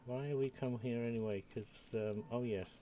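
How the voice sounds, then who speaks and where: A man's voice: medium pitch, fairly even intonation, normal speed, dark tone, soft background music. An older man from the United Kingdom, chatting and rambling to himself as he streams a game. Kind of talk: casual live-stream commentary while playing.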